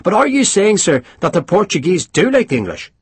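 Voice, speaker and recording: A male narrator puts on a cheeky sergeant in an audiobook, cheerful and irreverent. The husky voice bounces around in pitch. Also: big pitch swings, a little fast, no room sound, exaggerated voice. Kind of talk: audiobook character voice.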